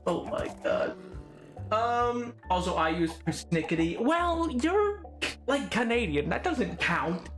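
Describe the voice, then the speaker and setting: Streamer rambling slow and playful, old-timey slang, faint music behind. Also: medium pitch, sing-song. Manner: laughs often, rambles. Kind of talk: casual live-stream chat while gaming.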